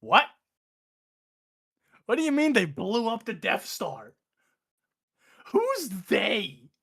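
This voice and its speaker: A petulant old galactic emperor, as a man puts him on, pitched up high above a normal speaking voice. He rants in exasperated, profane sarcasm. The delivery is a comic impression tossed off during casual chat. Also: fairly bright tone, exaggerated voice.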